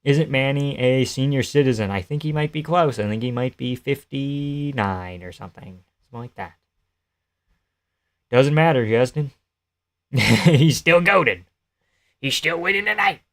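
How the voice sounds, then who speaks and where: A man's voice: mid-range voice, lively intonation, unhurried. A man doing casual live-stream fight commentary, joking, swearing freely and answering chat as he goes.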